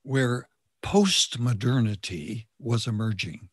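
A man preaching a sermon in short, measured phrases, pausing so an interpreter can follow. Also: mid-range voice, husky, no echo, clean studio sound.

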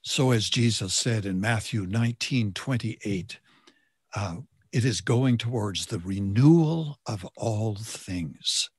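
A man preaching a sermon in short, measured phrases, pausing so an interpreter can follow. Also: lowish voice, animated, slightly rough, no echo, studio quality.

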